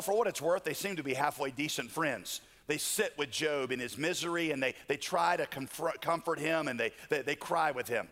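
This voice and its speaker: A man's voice: fairly high pitch, fairly bright tone. A man preaching a sermon, telling stories with joking asides. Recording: long hall reverb.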